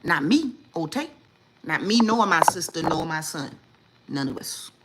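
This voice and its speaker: A woman, hosting a casual livestream chat and telling stories in a lively, indignant way, acting out what people said. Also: low-pitched, measured pace, heavy background noise. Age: 40s. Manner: animated storytelling, acts out quotes, lively and indignant. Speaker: livestream host.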